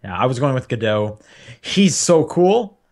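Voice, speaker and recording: A young man talks casually about games on a podcast, his voice sitting at an ordinary middle pitch. He rambles loosely, piling up fillers and restarts as he thinks aloud. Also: big pitch swings, measured pace, darkish tone. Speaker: podcast co-host. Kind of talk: casual game chat.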